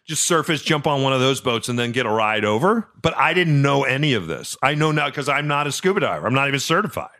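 A middle-aged man hosting a podcast, telling a personal story in a chatty way, stumbling over repeated words and dropping soft and low at the tender parts. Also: animated, fast talker, hardly any pauses. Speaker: podcast host. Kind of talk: casual storytelling.

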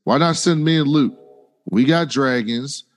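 A man's voice: mid-range voice, unhurried. Man casually recapping a show. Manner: retells scenes in slangy paraphrase, animated voices for quotes. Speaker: podcast co-host.

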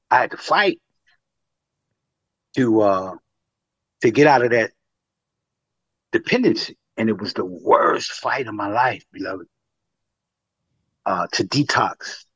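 A low-voiced man speaks haltingly, full of pauses and fillers, as he shares his story on a call-in show. The sound is dull and lo-fi, and the room is dry and close. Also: a bit bright, husky, no room sound. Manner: halting, many fillers, addresses listener as beloved. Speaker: caller. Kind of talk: call-in sharing testimony and advice.

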